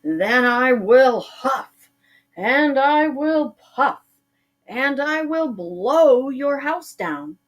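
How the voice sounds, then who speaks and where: A woman's voice: high voice, animated, very slow, heavily acted. A woman doing a hungry, roaring magic shark. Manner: roaring threats, then falsely sweet calling. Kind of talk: storybook reading.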